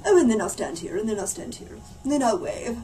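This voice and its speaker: A pompous, blustering storybook mayor, put on by a woman reader, bossy and loud. The voice rides high and swoops widely. It sounds picked up from across a room with a faint hum behind. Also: animated, a little fast, recorded from a distance, natural voice. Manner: loud, bossy and self-important. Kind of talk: storybook reading.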